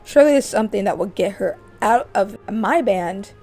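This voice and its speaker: A woman's voice: lively intonation, normal speed, dark tone, soft background music. A woman voicing a spoiled, demanding young female singer who whines and talks down to everyone. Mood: scheming. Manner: whiny, shrill, entitled.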